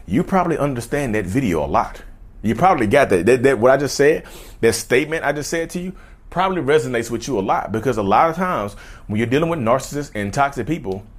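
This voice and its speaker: A man vlogging in a casual, rambling way, often restarting phrases and speaking straight to his viewers. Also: medium pitch. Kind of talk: casual direct-to-camera talk.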